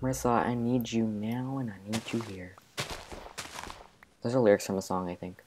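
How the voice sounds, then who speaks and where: A man's voice: on the low side, normal speed, background noise. A man giving gameplay commentary, frantically talking to himself as he plays. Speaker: gamer.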